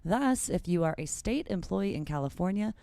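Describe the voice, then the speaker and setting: A woman's voice: lowish voice, animated, moderate pace, vocal fry, mellow, no room sound. A woman co-host reading news headlines between light banter and laughter. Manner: laughs often, light reactions.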